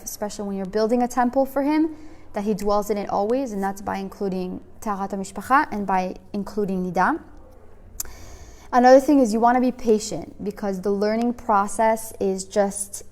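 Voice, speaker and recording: A young adult woman with a dark-toned, mid-range voice teaches a women's class. Her delivery is casual and chatty, heavy on "like" and "you know," with frequent acted-out exchanges.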